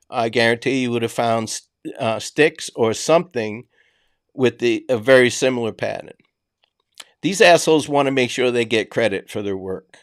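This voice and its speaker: A man with a Boston accent and a mid-range voice hosts a casual true-crime podcast, recorded in clean studio sound with no echo. He talks emphatically and conversationally, dropping filler words.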